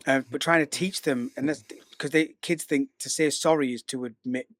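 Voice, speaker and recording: A man's voice: medium pitch, fairly even intonation, normal speed, fairly bright tone, dry recording. A middle-aged man, co-hosting a casual podcast chat and thinking aloud about parenting while acting out conversations. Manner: reflective, acts out dialogue in anecdotes. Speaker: podcast co-host.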